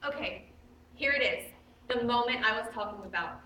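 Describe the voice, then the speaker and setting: A woman's voice: a little high, moderate pace, bright, forceful tone, a little hiss or hum. A young woman playing a male musical-theatre fan who confides chattily in the audience, on a school stage. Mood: confiding. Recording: echoey stage audio from far off.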